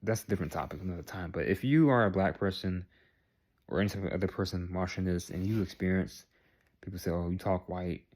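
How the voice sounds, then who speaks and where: Deep-voiced man rambling to camera. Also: fast, a little mellow. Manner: rambling, repeats phrases, checks in with "all right?". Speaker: vlogger. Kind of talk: casual talk to camera.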